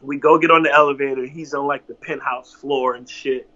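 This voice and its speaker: Bright-voiced man telling a story. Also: mid-range voice, a little fast, lo-fi sound. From Virginia. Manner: animated, profane, acts out others' lines. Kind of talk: casual storytelling.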